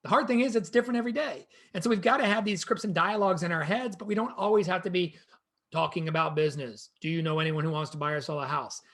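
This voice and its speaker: A man presenting a real estate training session in an energetic, conversational way, speaking to a co-host and the viewers. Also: a little high, fast.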